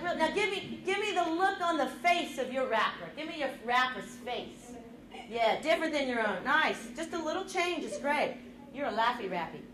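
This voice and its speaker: Woman teacher, high voice, energetic drama class coaching, echoey room full of kids. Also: slight background noise. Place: school classroom. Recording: echoey classroom with students around.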